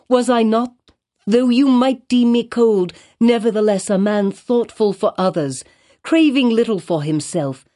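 A woman's voice: medium pitch, dark tone. A woman reading Roger Chillingworth, a brooding old physician. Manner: grave, brooding, archaic speech. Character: elderly male physician, bitter and vengeful. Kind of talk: audiobook character reading.

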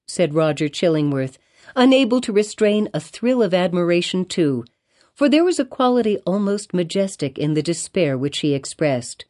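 A woman narrating a classic novel as an audiobook, in measured, formal storytelling. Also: on the low side, lively intonation, darkish tone.

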